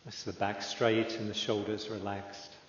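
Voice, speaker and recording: A man guides a meditation slowly and calmly, leaving long pauses between phrases. His voice sits on the low side. The recording is dull and lo-fi, with the long reverb of a large hall. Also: slight background noise. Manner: slow, calm, with long pauses. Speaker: meditation teacher. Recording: echoey hall, dull lo-fi sound.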